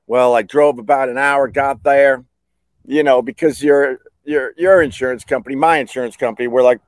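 A middle-aged man hosts his own podcast and spins a long, self-mocking story, stumbling over restarts as he acts out what everyone said. His voice sits in an ordinary middle pitch, recorded dry and close with no room sound. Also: steady tone, moderate pace, dry recording. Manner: rambling, self-mocking, full of restarts and acted-out dialogue. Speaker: podcast host. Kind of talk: casual storytelling monologue.

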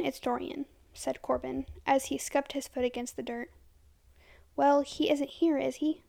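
A woman storyteller reading a first-person horror story aloud, soft-spoken and unhurried. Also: high voice, little pitch movement, creaky.

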